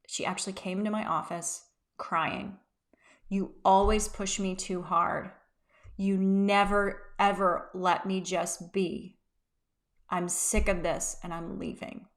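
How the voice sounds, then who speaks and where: A woman in her thirties talks straight to camera as a business coach. She tells stories from her own workplace in a casual, animated way and leans hard on emphatic asides. Her voice sits at an ordinary middle pitch for a woman.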